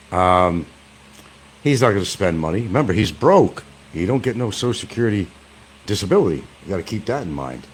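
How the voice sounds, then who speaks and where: Lively sarcastic low-voiced man. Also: a little hiss or hum. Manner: sarcastic and taunting, addressing his target as "son". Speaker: stream host. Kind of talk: casual mocking commentary. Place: indoor room.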